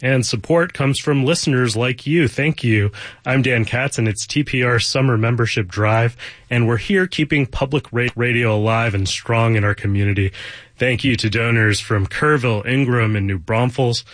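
A man's voice: mid-range voice, normal speed, fairly bright tone, no echo. A man hosting a public radio membership drive, earnestly thanking donors and praising a colleague. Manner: earnest, appreciative. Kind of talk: pledge drive appeal and interview.

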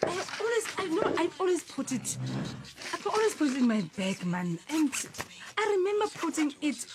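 A woman's voice: sits high, very animated, normal speed, noisy background. A woman with a South African accent plays a hot-tempered mother who scolds and accuses her child in dramatic outbursts. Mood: irritated. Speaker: comedy skit actor.

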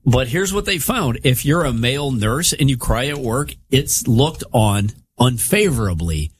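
A man's voice: medium pitch, animated, unhurried, a little hiss or hum. A man hosting a radio show in casual chat, reading study findings aloud and riffing on them. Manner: reads study findings aloud, then riffs.

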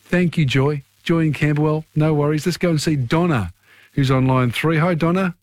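Chatty radio quiz host. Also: male voice, a little high, normal speed, dry recording, clean studio sound. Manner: chatty, takes callers one after another.

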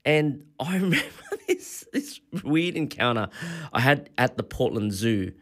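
A man's voice: medium pitch, very animated, a little slow. An Australian man in his forties, a radio host telling rambling travel stories in a casual on-air monologue. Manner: rambling anecdotal storytelling.

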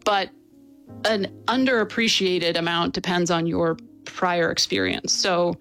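A woman being interviewed as an author, explaining and telling stories in a lively, casual way with fillers. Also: on the low side, unhurried, soft background music. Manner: animated, storytelling with fillers and laughs.

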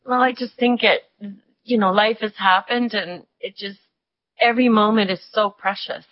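An older woman recalling the past in an interview, with reflective, halting phrasing. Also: medium pitch, steady tone, no echo. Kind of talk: interview storytelling. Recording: dry dull lo-fi recording.

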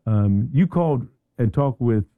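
A man's voice: mid-range voice, a little slow, no room sound, narrow, tinny audio. A man hosting a radio talk show in a studio, chatting casually and often repeating words as he goes. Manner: animated, repeats words and restarts.

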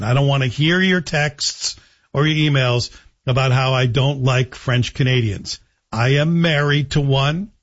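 A man's voice: medium pitch, breathy edge, dull audio. A middle-aged man hosting a talk radio show, delivering a monologue with sarcastic, joking asides.

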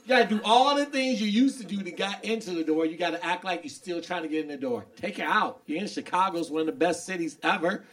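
A man with a slightly high voice performs stand-up. He delivers his bits as emphatic, preachy advice to the crowd. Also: quick pace, few pauses, a bit bright. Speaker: stand-up comedian. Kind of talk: stand-up comedy set.

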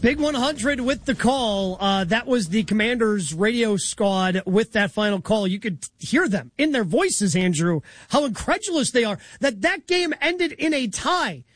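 A male sports radio host with a high-pitched voice talks through plays briskly and conversationally. The studio sound is dry and close. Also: very animated, no echo, faint music behind. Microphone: studio microphone.

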